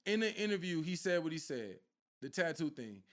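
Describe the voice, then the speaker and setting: A man's voice: on the high side, very animated, normal speed. A man giving a casual, preachy spiritual talk straight to his viewers, often repeating himself to press his point. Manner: preachy, repetitive, addresses viewers directly. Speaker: spiritual content creator.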